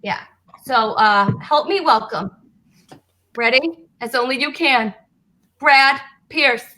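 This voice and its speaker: A woman hosting a comedy talk show, speaking in a halting, playful way with lots of "uh" and restarts. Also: high voice, pushed and bright, low-quality recording.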